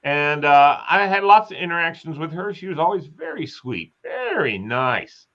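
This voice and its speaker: A man's voice: a little high, wildly swooping pitch, moderate pace, fairly bright tone. A man hosting a casual live chat, telling rambling stories and acting out quotes. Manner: rambling storyteller, chatty, acts out quotes. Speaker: host. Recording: slightly dull lo-fi sound.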